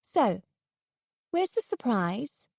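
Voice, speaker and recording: Woman doing a squealing, excitable young painter. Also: very slow, gravelly, husky, no room sound, studio quality, full character voice. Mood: gushing. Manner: high, squealing and eager.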